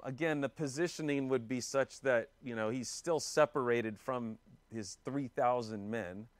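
A male pastor works through a Bible passage in a loose, conversational sermon, stopping to paraphrase and restarting his thoughts. His voice sits at an ordinary middle pitch, recorded close and dry with little room sound. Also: dry recording. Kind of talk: expository Bible teaching. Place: church.

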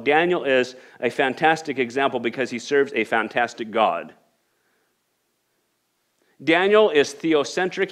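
A male pastor preaching a sermon, reading scripture aloud and building to emphatic rhetorical questions. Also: on the high side. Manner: repeats and restarts phrases while reading scripture aloud.

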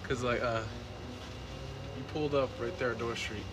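A man's voice: mid-range voice, fairly even intonation, normal speed. A man chatting casually with a friend, making laid-back, mumbled remarks. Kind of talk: casual chat among friends. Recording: noisy, off-mic recording.

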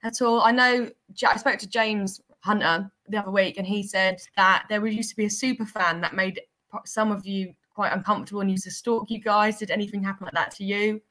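A woman interviewing a guest casually, reacting quickly and asking upbeat questions. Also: mid-range voice, steady tone, a bit bright, poor audio.

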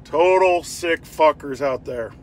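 A man telling a story to camera in a loud, excited, casual way, swearing freely. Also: on the high side, takes it slowly, slight background noise. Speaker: video poster.

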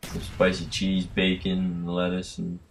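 A man's voice: deep voice, completely flat delivery, unhurried, a crowd in the background. A tired, tipsy young man rambling through casual game commentary, trailing off and yawning late at night, recorded on a built-in computer mic. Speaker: gaming commentator. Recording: faint hiss from a built-in mic. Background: game gunfire.

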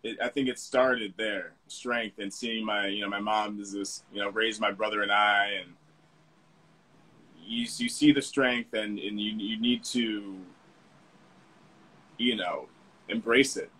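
A man being interviewed as a guest, speaking in a reflective, earnest and soft-spoken way. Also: fairly low pitch, fairly even intonation, a little slow, long pauses, husky, rough recording. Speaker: guest, fashion model. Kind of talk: casual interview.

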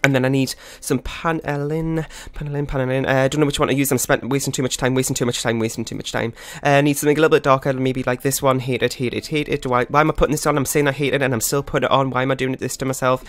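A man's voice: mid-range voice, level tone, very fast, hardly any pauses. A man talks through his gameplay in a frazzled, rambling way, scolding himself as he goes. His voice sits in an ordinary middle range. It is recorded close on a desk microphone with a dry, deadened sound and no room echo. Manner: flustered, rambling, self-critical. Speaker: gaming channel host. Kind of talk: live gameplay commentary. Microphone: desktop USB microphone.

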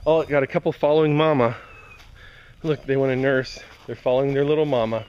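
A cat owner talking casually while filming kittens outdoors on a handheld camera, cooing and calling them in a high sing-song voice. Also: fairly quick, a little mellow. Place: outdoors in a yard. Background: kittens meowing.

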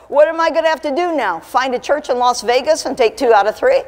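A woman evangelist preaches in a church, her fairly high voice trading easy storytelling humor for fervent, building declarations. The sound carries a long church reverb with a faint hum of room noise beneath. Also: a little fast, a faint crowd. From Alaska. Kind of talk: sermon. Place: church sanctuary.

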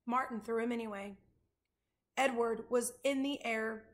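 A woman reading a children's chapter book aloud, pausing to show pictures to her listeners. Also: a little high, steady tone. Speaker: reader.

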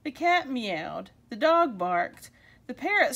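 Lady doing story time for kids, voice goes up and down a lot. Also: sits high. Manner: warm, expressive, slows for emphasis. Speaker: children's story reader. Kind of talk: storybook read-aloud for kids.

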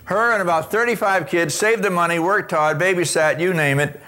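An older man giving a motivational talk on customer service, an animated storyteller who acts out his anecdotes with punch before a live audience. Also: high voice, moderate pace, faint music behind.

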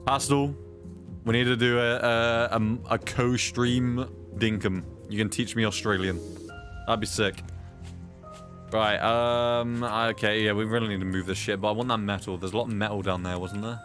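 A man's voice: lowish voice, steady tone, normal speed, fairly bright tone, soft background music. A young British man streaming a survival game, reading chat aloud and cursing at what happens on screen. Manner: swears often, reads chat aloud, blurts reactions. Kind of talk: casual gameplay chat.

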